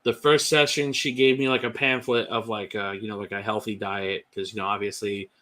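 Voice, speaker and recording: A man's voice: on the low side, flat delivery, fairly quick, bright, forceful tone. A man telling his own story as a podcast guest, candid and chatty with many fillers. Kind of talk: personal testimony.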